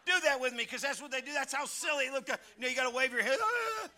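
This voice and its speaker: A man preaching a sermon with emphatic call-and-response, now and then breaking into shouts. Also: very high-pitched, steady tone, racing. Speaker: pastor.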